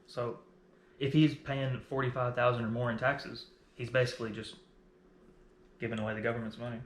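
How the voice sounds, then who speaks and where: A man's voice: mid-range voice, level tone, brisk, reverberant, slight background noise. A young man, co-hosting a podcast and telling stories in casual, profane chat. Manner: storytelling, swears casually. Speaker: podcast co-host.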